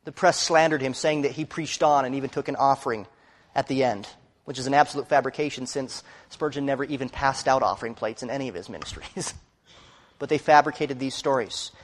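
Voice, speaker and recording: A man preaching a sermon, telling a story earnestly and rising to loud emphasis. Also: medium pitch, a little fast, big-room sound.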